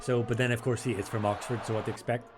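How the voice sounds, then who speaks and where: A man's voice: mid-range voice, level tone, rapid-fire, over music. An older man doing casual, self-deprecating banter while commentating a sim race.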